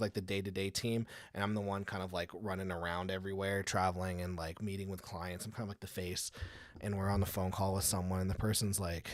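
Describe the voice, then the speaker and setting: A man's voice: fairly low pitch, no echo. A young man telling business stories in casual chat, rambling with many restarts and acting out the people he quotes. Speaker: co-host. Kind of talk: casual storytelling on a live show.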